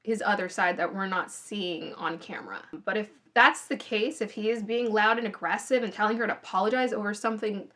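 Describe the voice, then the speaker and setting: A woman's voice: medium pitch, fairly quick, few pauses, sharp tone. A woman casually giving her opinions in a TV review, chatty and thinking aloud with restarts, recorded on a phone. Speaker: reality TV reviewer.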